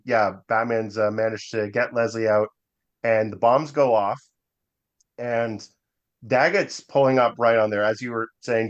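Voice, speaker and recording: A man co-hosting a podcast in casual chat, hesitant with many fillers, slowing down when he turns reflective. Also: fairly low pitch, fairly bright tone, smooth, highs cut off. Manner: hesitant, many ums and uhs, drifts into slow reflective stretches. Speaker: podcast co-host.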